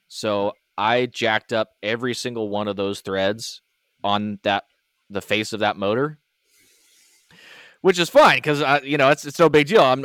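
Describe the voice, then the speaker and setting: Casting: man, low-ish clean voice, dry close mic, laid-back podcast chat. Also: dry recording. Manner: relaxed, rambling shop talk. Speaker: podcast host. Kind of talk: casual chat.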